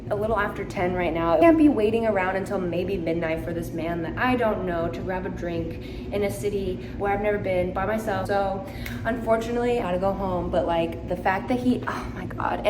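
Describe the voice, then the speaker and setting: A woman's voice: medium pitch, noisy background. A young woman telling a story in a chatty, giggly way, talking to a handheld camera for her travel vlog. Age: young adult. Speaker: travel vlogger. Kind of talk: casual vlog chat. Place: hotel room and outdoors. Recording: echoey with loud ambience.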